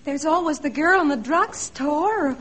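A woman's voice: high-pitched, expressive, normal speed, fairly bright tone. A woman playing a naive, girlish young wife in a comedy sketch, breathless and gushing. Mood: tearful.

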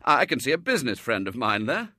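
A man voicing a jovial, hearty businessman who speaks loudly. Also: medium pitch, sing-song, quick pace, dry recording, studio quality.

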